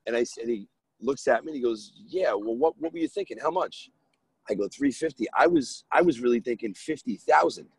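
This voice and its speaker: A man's voice: medium pitch, brisk, creaky, husky, no echo, low-quality recording. A man from New York, a real estate investor, telling a deal story as a podcast guest and acting out the dialogue. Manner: animated, acts out dialogue in his story.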